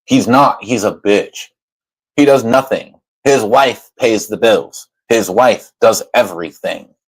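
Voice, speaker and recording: A man's voice: fairly low pitch, slow, breathy edge, poor audio. A man ranting over clips as a commentary YouTuber, profane and mocking. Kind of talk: reaction commentary rant.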